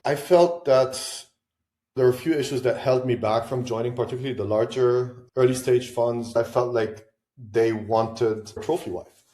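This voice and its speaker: Speaking at a medium pitch with a dark tone, a Lebanese venture investor answers interview questions as a podcast guest. He reflects and thinks aloud, with asides and restarts, and the recording has a roomy echo.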